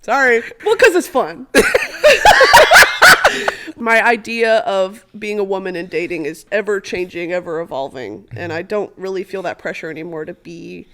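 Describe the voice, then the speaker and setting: A woman's voice: fairly low pitch, normal speed, fairly bright tone, a little hiss or hum. A woman in her twenties, a podcast guest, chatting casually and animatedly, laughing and swearing freely. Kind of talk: casual chat.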